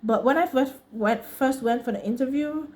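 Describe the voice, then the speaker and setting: A woman with a fairly high voice and an American accent tells a story to camera in a casual vlog. Her talk is chatty and slangy, often broken by laughs. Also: moderate pace, darkish tone. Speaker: vlogger.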